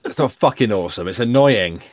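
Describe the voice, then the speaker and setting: A man from England chatting with friends on a stream, gruff and swearing, quick to laugh. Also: lowish voice, lively intonation. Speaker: stream guest. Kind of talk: casual chat among friends.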